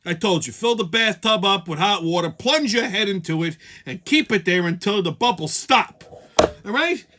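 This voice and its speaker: A man's voice: high voice, animated, normal speed, pushed and bright. A man hosting a weekly show, ranting sarcastically and profanely. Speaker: host. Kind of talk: profane comedic rant.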